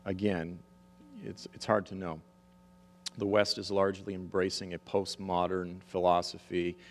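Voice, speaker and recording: A man's voice: sits low, level tone, measured pace, a little hiss or hum. A man in his thirties or forties preaching a sermon emphatically, checking the audience's agreement, in a large hall with long reverb. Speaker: preacher and author.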